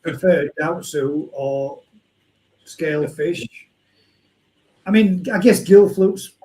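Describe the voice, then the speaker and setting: A man's voice: on the high side, takes it slowly, mellow, roomy sound, rough recording. A man hosting a casual chat, rambling and trailing off, laughing often. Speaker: host.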